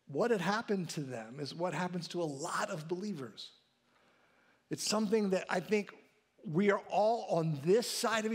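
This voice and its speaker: A man preaching a sermon as pastor, talking conversationally and often checking in with a "right?" and restarting his phrases. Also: sits high. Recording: church sanctuary.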